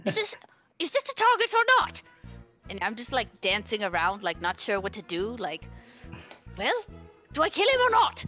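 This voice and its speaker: A woman with a bright voice that swings widely in pitch, eager and restless as she asks what to do in a tabletop game. Faint music plays behind her. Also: huge pitch swings, normal speed, pauses often, muffled recording. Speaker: player.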